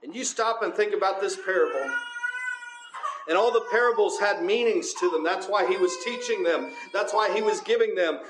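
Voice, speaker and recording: High-pitched male preacher, conversational sermon delivery. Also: moderate pace, echoey room, background noise. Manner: conversational, often asks the congregation "right?".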